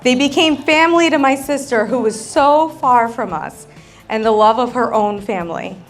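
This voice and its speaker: A woman's voice: a little high, moderate pace. A woman, the bride's sister, giving a wedding reception toast, joking about herself and laughing often. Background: faint crowd and music.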